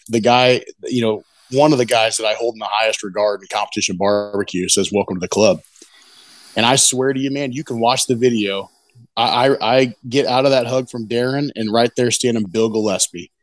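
In a fairly quick, mid-range voice, a middle-aged pitmaster from the barbecue competition circuit spins a meandering, enthusiastic story for a laid-back interview. "You know what I mean" comes up again and again, with no echo on the track.

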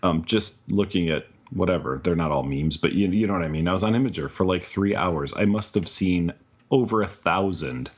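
A low-pitched, slightly rough male voice at normal speed, recorded with lo-fi sound. He's a podcast co-host in casual chat, laid-back and rambling, swearing freely.

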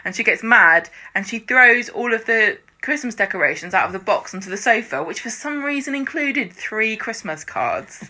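A woman's voice: fairly high pitch, animated, pushed and bright. A woman co-hosting a podcast, chatting casually and acting out characters' lines as she recaps episodes. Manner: chatty, acts out characters' lines in quick impressions. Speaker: podcast co-host. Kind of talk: casual chat recapping a TV series.

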